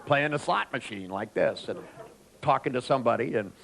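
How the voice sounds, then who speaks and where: A man's voice: mid-range voice, moderate pace, creaky, low-quality recording. A man giving a live seminar talk to an audience, joking and telling anecdotes as he speaks to them directly. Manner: animated storyteller, joking, addresses audience directly.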